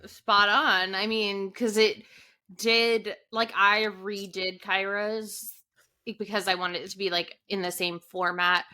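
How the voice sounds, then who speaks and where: Young woman cohost w a bright sharp voice, casual chat, lots of quick reactions. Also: mid-range voice, little pitch movement. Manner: supportive, short reactions, easy laughs. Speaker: podcast co-host.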